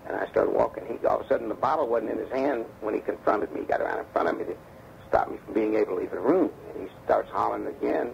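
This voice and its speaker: A deep, heavily gravelly male voice recounting a personal story in an interview, slipping into the voices of the people in it. The sound is dull and lo-fi, taken from a damaged old tape with a faint hiss underneath. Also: quick pace. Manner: animated storyteller acting out quoted dialogue. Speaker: interview guest, former bodyguard.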